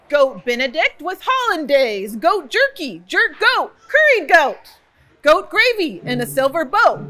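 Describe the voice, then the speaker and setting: A woman's voice: extremely high pitch, pushed and bright, heavily acted. A woman voicing a hungry, greedy male troll who gloats and rhymes about food. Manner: gleeful, rhyming, relishing food.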